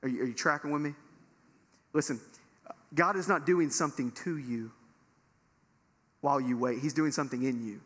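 A man's voice: medium pitch, normal speed, long pauses, fairly bright tone, slightly rough. A man preaching a sermon to his congregation in a conversational way that builds to emphatic peaks. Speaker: pastor. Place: large church hall. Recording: long reverb of a large hall.

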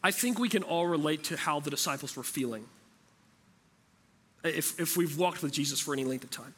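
A man's voice: on the high side, lively intonation, moderate pace, a bit bright, slightly rough. A man preaching a sermon as pastor, talking in a conversational way and asking the room rhetorical questions.

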